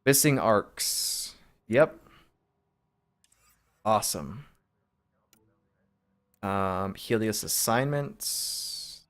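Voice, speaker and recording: A man's voice: fairly low pitch, fairly bright tone, clean tone. A man casually commenting while playing a video game, reading menu items aloud half to himself in an offhand, wry way.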